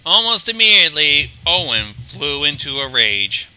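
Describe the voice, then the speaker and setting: Bright animated man reading a fan story. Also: a little high, normal speed, smooth, low-quality recording. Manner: animated, stumbles and restarts while reading. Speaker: fan fiction reader and stream host.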